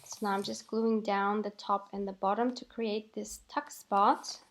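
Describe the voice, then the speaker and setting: A woman calmly narrating a voiceover for her crafting video, explaining each step with light laughs. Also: mid-range voice, a little slow. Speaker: craft channel host.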